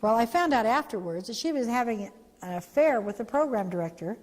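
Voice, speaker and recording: A woman, an organization's founder, giving an animated storytelling talk for a training video, acting out the voices she quotes. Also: a little high, brisk, big-room sound.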